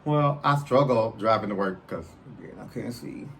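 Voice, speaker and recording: A man's voice: fairly low pitch, normal speed, gravelly, slight background noise. A man, telling a personal story on his podcast and talking straight to his listeners. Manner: animated, addresses listeners directly, acts out quotes. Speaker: podcast host.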